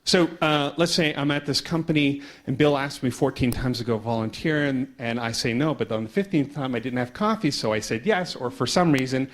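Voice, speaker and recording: A man telling a story at a conference talk, brisk and animated. He slips into the voices of the people in his tale, then slows himself down for the audience. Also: mid-range voice. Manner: animated storyteller acting out dialogue; quick pace with slowing down. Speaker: conference speaker.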